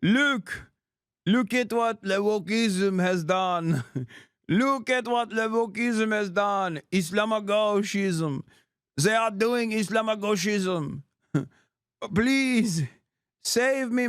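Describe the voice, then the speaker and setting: A man's voice: drawn-out words, fairly bright tone, smooth, no echo, studio quality, full character voice. A man putting on a whining, mock-French voice for a nationalist man crying for help. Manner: shrill mocking parody.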